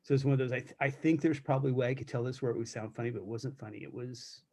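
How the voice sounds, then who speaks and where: A man's voice: mid-range voice, fairly even intonation, rapid-fire, mellow. A middle-aged man telling candid, profane stories from his years as a corrections officer, in a casual live chat, with many restarts. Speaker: self-defense instructor recounting corrections work.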